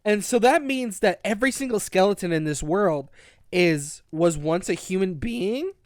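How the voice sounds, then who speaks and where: A man's voice: high-pitched, moderate pace, no room sound, studio quality. Rambling man hosting a casual podcast. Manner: rambling, excited retelling with many restarts. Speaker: podcast host. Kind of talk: casual book-review chat.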